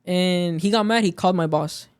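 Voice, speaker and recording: High-voiced man telling a work story. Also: normal speed, clean tone. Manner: storytelling, acts out quoted dialogue. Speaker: podcast guest. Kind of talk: casual chat.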